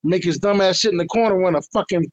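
A man's voice: sits high, racing, muffled recording. A man from Detroit and Houston, co-hosting a podcast in casual, profane, emphatic chat. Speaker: podcast co-host.

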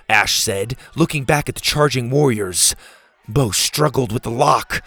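A man narrating a children's adventure story in an animated storytelling manner, with faint music behind him. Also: normal speed, creaky, dry recording. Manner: animated storytelling, voicing characters in raised pitch.

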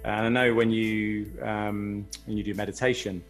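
A man's voice: on the low side, little pitch movement, normal speed, soft background music. A man interviewing a guest, asking long rambling questions with many restarts. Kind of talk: conversational interview.

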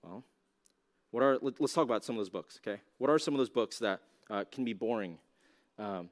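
A man's voice: on the low side, fairly quick. A man teaching a youth ministry talk in a casual, conversational way, full of "like" and rhetorical questions to his listeners. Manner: casual, conversational, heavy use of "like"; asks the audience rhetorical questions. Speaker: youth pastor.

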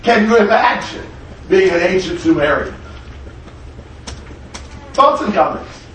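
A man's voice: high-pitched, animated, measured pace, a bit bright, a little hiss or hum. A man leading a Bible class, teaching earnestly and reading an ancient prayer solemnly aloud. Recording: echoey room, mic far off.

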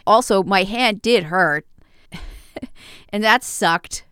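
A woman hosting a podcast, telling personal stories in a calm, wry, self-deprecating way with soft laughs, close on a mic. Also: mid-range voice, very slow, clear, resonant tone, no room sound. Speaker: podcast host. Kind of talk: casual personal storytelling.

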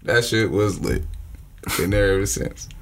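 A man's voice: lowish voice, unhurried, fairly bright tone, slight background noise. A man and former college football player chatting casually in laid-back, profane banter. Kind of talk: casual sports chat.

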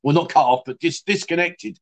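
Chatty blunt man, slightly high. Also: a little fast, creaky. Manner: chatty, blunt, swears, jokey, says mate a lot. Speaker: livestream host. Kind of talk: casual chat reading viewer comments.

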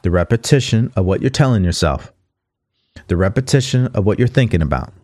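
A man with a fairly low voice hosts a motivational talk show, reading passages aloud and repeating key lines so listeners catch them. The sound is dry and close, with no room echo. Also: lively intonation, fast talker, darkish tone. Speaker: podcast host.

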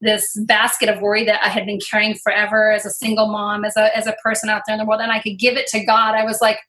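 Bright-voiced woman sharing her testimony. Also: medium pitch, completely flat delivery, quick pace. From Iowa. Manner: earnest, heartfelt storytelling with many fillers. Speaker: interview guest. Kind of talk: personal testimony.

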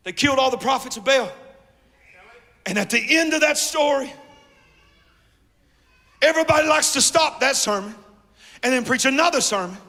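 A man preaching a sermon with a Southern US accent, calling out to the congregation, acting out dialogue and swinging from near-whispers to shouts. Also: extremely high pitch, animated, normal speed, pauses often, big-room sound.

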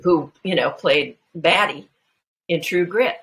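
Woman guest, gravelly voice, lowish pitch, chatty storytelling with restarts. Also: slow, low-quality recording. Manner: animated anecdotes with many restarts and fillers. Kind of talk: casual storytelling chat.

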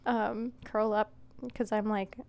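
A woman's voice: medium pitch, level tone, slow pace, a little mellow. A young woman co-hosting a podcast, chatting casually with a friend in a giggly, self-deprecating way. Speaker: podcast co-host. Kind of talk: casual chat.

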